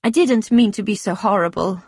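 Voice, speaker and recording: A woman's voice: medium pitch, normal speed, darkish tone, breathy edge, dry recording, studio quality. A woman reader voicing an upset adult woman who speaks curtly and impatiently. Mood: apologetic. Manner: curt, impatient.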